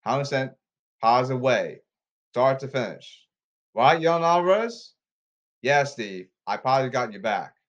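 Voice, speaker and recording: A man hosting a solo podcast, talking in a rambling, repetitive and emphatic way with halting stop-start phrases. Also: mid-range voice, animated, highs cut off. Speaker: podcast host.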